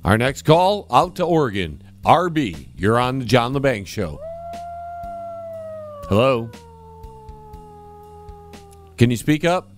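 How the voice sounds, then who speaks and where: Lively comedy show host. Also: male voice, mid-range voice, over music. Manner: brisk and lively, moving quickly between callers. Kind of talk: comedy call-in show hosting.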